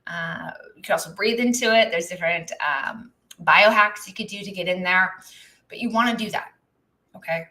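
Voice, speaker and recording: A woman with a bright, forceful voice coaches her viewers through a live stream. She talks in a loose, conversational way, often tagging lines with "right?" or "okay?", and answers questions from the chat as they come in. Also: on the low side, normal speed. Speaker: business coach.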